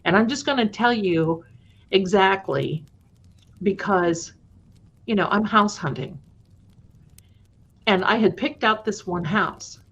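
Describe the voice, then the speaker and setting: A woman's voice: medium pitch, slow pace, pauses often, a bit bright, slightly rough. Chatty woman storyteller on lo-fi stream. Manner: chatty, affectionate, calls viewers "my darling". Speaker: live-stream storyteller host. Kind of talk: casual live-stream storytelling. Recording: dull lo-fi stream audio.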